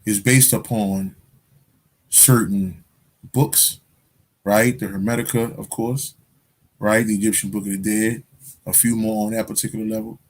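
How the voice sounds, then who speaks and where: A man's voice: lowish voice, fairly even intonation, measured pace, long pauses. A man hosting a casual livestream, answering viewer questions in loose, profane street slang, repeating phrases as he goes. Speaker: spiritual livestream host.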